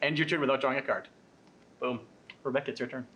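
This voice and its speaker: A man's voice: medium pitch, fast talker, a bit bright. A man explaining the rules and reading card text aloud during a casual tabletop card game.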